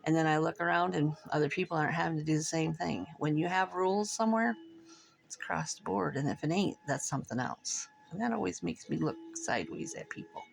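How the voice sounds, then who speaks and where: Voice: mid-range voice, big pitch swings, fairly quick, vocal fry, slight background noise. A middle-aged vlogger chatting casually over coffee, frank and profane, rambling and laughing between thoughts.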